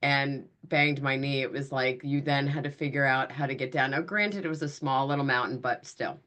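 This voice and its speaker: A woman's voice: a bass voice, brisk, fairly bright tone. A woman co-hosting a podcast in casual chat, reflective and prompting her friend to tell a story. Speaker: podcast co-host.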